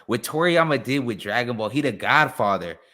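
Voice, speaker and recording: A young man co-hosting a podcast, chatting casually and excitably, swearing freely. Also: mid-range voice, brisk. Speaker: podcast co-host. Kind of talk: casual chat.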